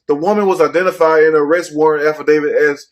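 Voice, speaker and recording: A man's voice: fairly high pitch, steady tone, fast talker. A man giving blunt, profane casual commentary while reading out a news story. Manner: blunt, cussing, rhetorical asides. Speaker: commentary host.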